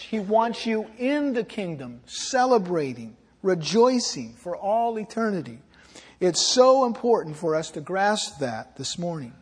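A man preaching in an earnest, pleading way, drawing out his key phrases. His voice sits high for a man. The sound rings with the long reverb of a church sanctuary. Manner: earnest, pleading, slows for emphasis. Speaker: pastor. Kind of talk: sermon.

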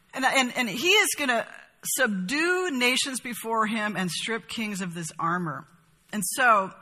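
A woman teaching a Bible study, reading verses aloud and explaining them in an expressive, emphatic way. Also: mid-range voice, breathy edge, big-room sound.

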